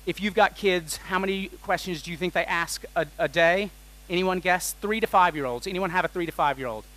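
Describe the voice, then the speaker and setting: A man giving an energetic, joking talk on a conference stage, tossing questions at the audience. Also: high-pitched, brisk, low-quality recording. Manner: energetic and jokey, quizzing the audience. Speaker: conference keynote speaker.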